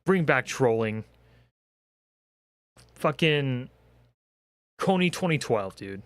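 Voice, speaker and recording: A man's voice: mid-range voice, big pitch swings, slow pace, smooth, no room sound. Profane ranting young man, dry sound. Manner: exasperated, profane, ranting with rhetorical questions. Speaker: commentary creator. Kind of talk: comedic rant.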